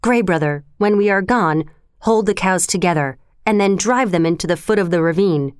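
A woman's voice: fairly low pitch, normal speed, clean tone, no room sound, clean studio sound, natural voice. A woman voicing a bold jungle boy who commands wolves, calling out urgent orders in a raised voice. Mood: commanding.

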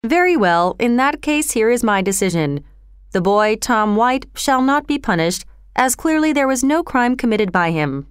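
A woman's voice: fairly high pitch, animated, normal speed, smooth, no room sound, clean studio sound, natural voice. A woman voicing a stern, scornful older male magistrate who talks in a curt, dismissive way in a storybook reading.

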